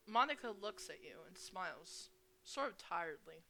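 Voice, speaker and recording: A woman's voice: on the low side, lively intonation, creaky, fairly bright tone. A young woman reading a visual novel aloud and adding crude asides. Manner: reads slowly, with crude asides. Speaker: gamer.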